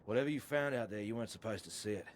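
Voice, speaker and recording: An actor playing a gruff, injured man who talks bluntly and swears casually. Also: lowish voice, very fast, a little hiss or hum, close to an everyday voice. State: hurting from a leg injury.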